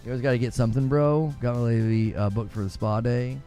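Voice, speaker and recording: A man's voice: medium pitch, quick pace, dark tone, faint music behind. A man, hosting a gaming livestream, joking with his chat and laughing often. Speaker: gaming channel host.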